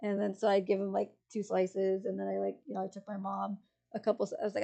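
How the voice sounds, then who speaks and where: A woman's voice: mid-range voice, monotone, quick pace, vocal fry, warm tone. A woman streamer chatting casually with her viewers, rambling and giggling, full of fillers and restarts. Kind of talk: casual chat with live chat.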